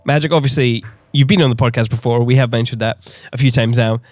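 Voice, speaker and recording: A man hosting a podcast in casual chat, excitable, swearing freely and laughing often. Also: medium pitch, quick pace, faint music behind. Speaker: podcast host.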